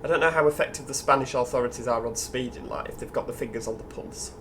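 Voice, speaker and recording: A man's voice: medium pitch, fast, fairly bright tone, slight background noise. A man with a Yorkshire accent hosting casual gameplay commentary, chatty, musing aloud and talking to the other drivers. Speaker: gaming channel host.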